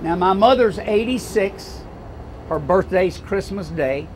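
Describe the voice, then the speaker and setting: A man's voice: high-pitched, lively intonation, a little slow, darkish tone, a little hiss or hum. An older man from Louisiana with a Southern American accent, giving a folksy, rousing campaign speech full of stories. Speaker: political speaker.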